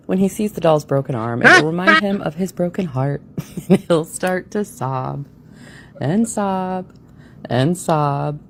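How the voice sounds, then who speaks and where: A low-pitched woman reads a grown-up fairy tale aloud and keeps breaking into giggles. Her voice swings widely in pitch as she ad-libs with curse words, and faint noise sits under the recording. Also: animated, slow pace, pauses often, a bit bright. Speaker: co-host. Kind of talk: comic storybook reading.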